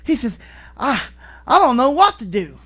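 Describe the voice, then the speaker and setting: A man preaching a sermon as pastor in a church, telling stories with animated delivery and acting out voices. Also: extremely high pitch, moderate pace. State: vertigo, deaf in left ear.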